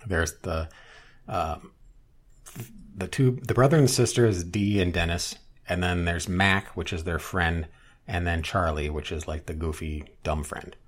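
A man chatting casually on a podcast, retelling a sitcom episode at length with restarts and loud acted-out quotes. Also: sits low, measured pace. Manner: rambling storyteller, many restarts, acts out quotes loudly. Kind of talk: casual chat.

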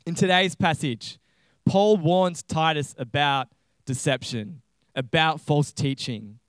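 A man's voice: on the high side, takes it slowly, clean tone, no echo. A young adult man with an Australian accent preaching a chatty sermon and reading a storybook aloud. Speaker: pastor.

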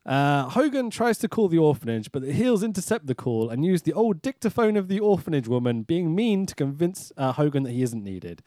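A man's voice: a little high, sing-song, fairly quick, hardly any pauses, dark tone, no room sound, studio quality. A man, co-hosting a podcast and recapping a movie in casual chat, sarcastic and swearing often. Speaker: podcast co-host.

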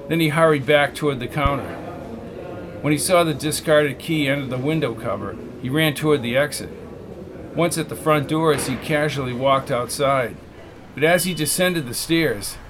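A man reading a novel aloud as the narrator, in a steady, measured way. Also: on the high side, background noise. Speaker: audiobook narrator. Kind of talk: scripted narration.

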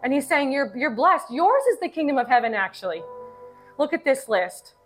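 A woman in her thirties gives a heartfelt sermon, her voice sitting a little high. She weaves personal stories into the message with an earnest, emotional delivery. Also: very animated, moderate pace, soft background music. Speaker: pastor.

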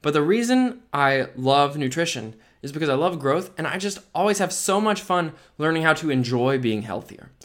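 A man's voice: fairly high pitch, animated, moderate pace, hardly any pauses, fairly bright tone. A tired man hosting his own podcast who talks in a rambling, upbeat way, full of "like" and "right?". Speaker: podcast host. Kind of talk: casual solo podcast monologue.

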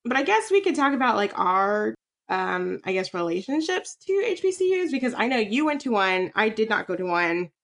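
A woman's voice: on the high side, sing-song, a little fast, fairly bright tone. A young woman from Texas, co-hosting a laid-back podcast. She talks in loose, hedging phrases with many fillers. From Texas, USA. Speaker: podcast co-host. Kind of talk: casual chat.

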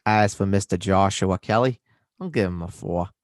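A man's voice: deep voice, normal speed, no echo, studio quality. Man hamming up a folksy Minnesota accent. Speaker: fantasy football podcast co-host. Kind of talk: casual chat.

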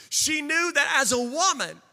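A man preaching a fervent sermon in a very high, bright, ringing voice. His words rise into chanted, shouted crescendos and then fall back, unhurried. The sound carries a long reverb, as from a large church sanctuary. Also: expressive. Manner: impassioned preaching with sing-song cadence and shouted peaks. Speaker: pastor.

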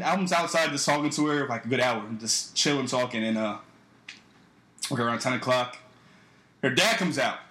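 Animated young man telling a story. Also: fairly high pitch, roomy sound, poor audio. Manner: animated, profane, acts out other people's lines. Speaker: podcast host. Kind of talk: casual storytelling.

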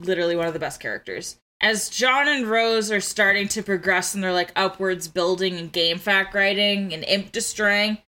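Medium in pitch and pushed and bright in tone, a young woman talks at a moderate pace with hardly any pauses. Co-hosting a laid-back podcast, she eagerly unpacks poetic meter, restarting and saying "like" frequently.

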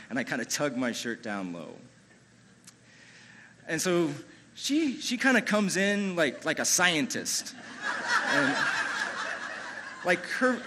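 A man telling a personal story live on stage, chatty and animated, with lots of "you know" and restarts. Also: fairly high pitch, noisy background.

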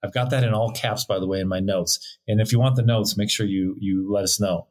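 A man's voice: lowish voice, fairly even intonation, a little fast, few pauses. Earnest middle-aged man teaching on marriage. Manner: earnest, preachy, jokey, laughs often. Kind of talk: casual teaching chat.

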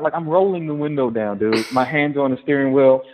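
A man in casual chat, telling stories in an animated, profane way. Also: medium pitch, brisk, slight background noise. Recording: tinny phone-like audio.

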